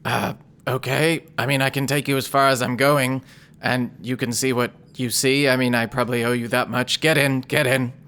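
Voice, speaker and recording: A man voicing a worn-out river fisherman, talking in a loose, rambling way and breaking off his own sentences. His voice is pitched at an ordinary middle height, with nothing put on. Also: little pitch movement, moderate pace, a bit bright, clean tone, lightly acted. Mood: reluctant. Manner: rambling, self-interrupting. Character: weary middle-aged male river fisherman. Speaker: game master voicing a character.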